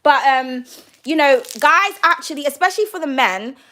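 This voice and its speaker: A British woman giving a casual tarot reading, brash and profane and quick to laugh. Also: high voice, expressive, bright, forceful tone. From United Kingdom. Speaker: tarot card reader.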